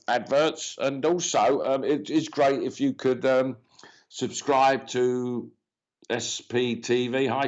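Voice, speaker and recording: A man's voice: mid-range voice, darkish tone. Chatty man with dull lo-fi sound. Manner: rambling, chatty, greets viewers by name, many fillers. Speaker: medium hosting a live reading show. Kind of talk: live-stream chat and mediumship reading. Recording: dull lo-fi stream audio.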